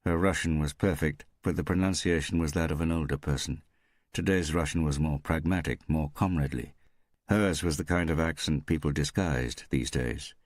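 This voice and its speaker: A male audiobook narrator with a very deep voice reads scripted narration at a normal speed. The recording is studio quality, with no echo.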